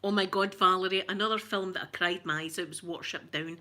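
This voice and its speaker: A woman's voice: on the low side, steady tone, quick pace, pushed and bright. A woman chatting casually with viewers on a stream, open and emotional about her feelings. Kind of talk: casual chat answering viewers.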